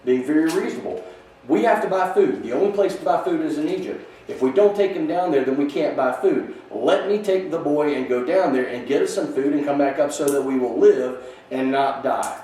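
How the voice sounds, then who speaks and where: Male Bible class teacher, slightly high voice, conversational with restarts, recorded far off in an echoey church room. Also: fairly quick, mellow. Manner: conversational, many restarts, reads scripture aloud.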